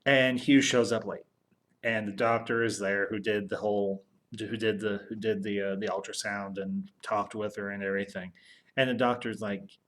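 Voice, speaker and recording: A man's voice: lowish voice, a bit bright. A man casually retelling a film's plot as a podcast host, rambling and often adding "and everything". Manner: rambling, repeats "and everything", restarts. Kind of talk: casual movie recap.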